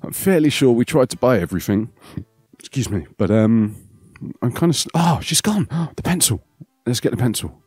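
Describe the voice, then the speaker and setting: A man's voice: mid-range voice, expressive, normal speed, darkish tone, breathy edge, dry recording. A man hosting a let's play, chatting playfully and thinking aloud as he goes. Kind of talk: casual gameplay commentary.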